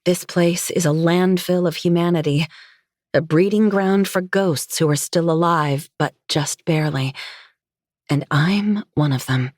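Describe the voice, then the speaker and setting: Female narrator, low voice, dry close-mic first-person audiobook read. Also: a little slow, a little mellow, no echo.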